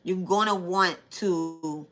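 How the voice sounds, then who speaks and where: Bright-voiced woman chatting on a live stream. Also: lowish voice, slow. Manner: chatty, repeats herself, talks straight to viewers. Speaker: tarot reader hosting a live stream. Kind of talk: casual live-stream chat.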